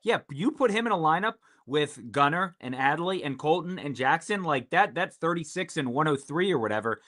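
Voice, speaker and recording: Male guest in casual sports chat, slightly higher voice, stammers on restarts, easygoing. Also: lively intonation, fairly quick, fairly bright tone.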